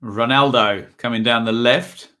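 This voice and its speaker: Young male streamer, bright tone, casual rambling match commentary with self-mocking asides. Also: medium pitch, fairly even intonation, measured pace. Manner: chatty, rambling, self-deprecating. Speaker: watch-along host.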